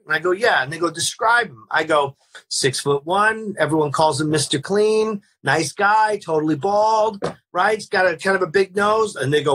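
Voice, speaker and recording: A man on a remote call, telling animated anecdotes in casual storytelling style and acting out the people he quotes. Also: high voice, moderate pace, husky. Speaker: podcast guest. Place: home, remote video call.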